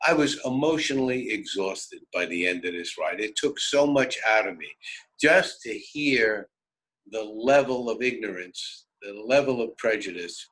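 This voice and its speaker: An older man in his seventies with a New York accent, telling personal stories on the radio in an animated, wry, conversational way. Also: lowish voice, a little slow, poor audio. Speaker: radio host. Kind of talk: personal storytelling.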